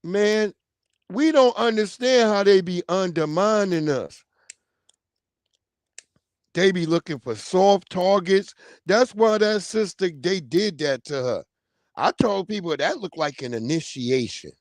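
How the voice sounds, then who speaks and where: A man hosting a casual livestream, talking in an animated, slangy way and calling out viewers by name. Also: high-pitched, a little slow, no room sound, studio quality. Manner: animated, slangy, reads viewer names aloud. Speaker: livestream host.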